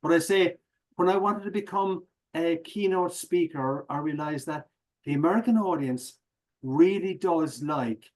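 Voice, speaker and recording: A middle-aged Irish man, a professional speaker, telling stories as a podcast guest in a lively, joking way. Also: on the high side, a little slow, low-quality recording. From Ireland. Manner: animated, jokey, acts out audience reactions. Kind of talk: conversational interview, storytelling.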